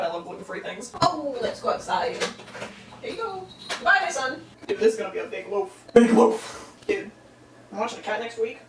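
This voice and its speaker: Young man, home baking vlogger. Rambling, self-mocking, swears freely; distant laptop mic in a roomy, noisy kitchen. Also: high voice. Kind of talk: casual solo vlog chat while baking.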